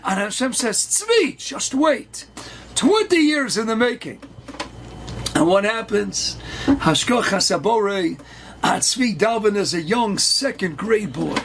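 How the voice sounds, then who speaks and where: A man, a rabbi, telling a story in a lively sermon style, who acts out the children's voices and mixes in Hebrew and Yiddish words. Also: high voice, a little slow, background noise.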